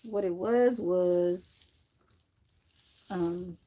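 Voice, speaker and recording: Slow-talking woman streamer, chatty and profane. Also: on the low side, warm tone. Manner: loose, profane and rambling, with frequent laughter. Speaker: livestreamer. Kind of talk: casual chat while dyeing her hair.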